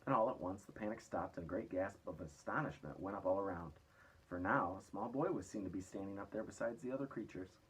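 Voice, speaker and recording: A man reading a children's story aloud, lively, with raised voices for the characters. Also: low-pitched, a little fast, breathy edge, rough recording. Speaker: reader.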